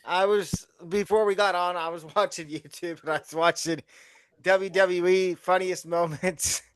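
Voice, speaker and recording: High-voiced man in casual sports chat. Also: steady tone, unhurried, clear, resonant tone, no echo. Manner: laughs often while talking. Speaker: podcast co-host.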